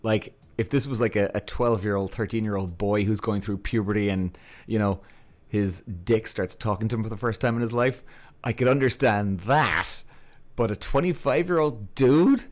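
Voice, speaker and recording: This podcast host has a fairly low, steady voice and speaks at a normal speed. He tells stories in a casual, frank way, chuckling often and swearing freely.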